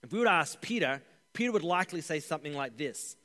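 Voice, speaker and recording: A man preaching a sermon as pastor, with an animated delivery that rises for emphasis and drops to a hush on key points. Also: fairly high pitch, fast talker. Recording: echoey hall.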